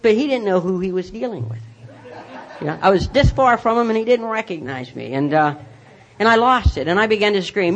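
A man's voice: high-pitched, expressive, normal speed, long pauses, fairly bright tone. A man telling a personal recovery story in a rambling way, full of restarts and self-mocking humor. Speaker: speaker sharing his recovery story.

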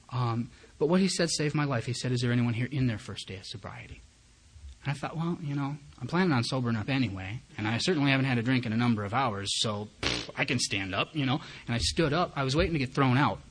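A man with a husky voice shares his recovery story before a meeting crowd. He is candid and self-mocking, and he acts out his own inner thoughts as he tells it. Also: mid-range voice, expressive, quick pace. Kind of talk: personal recovery testimony told as a story.

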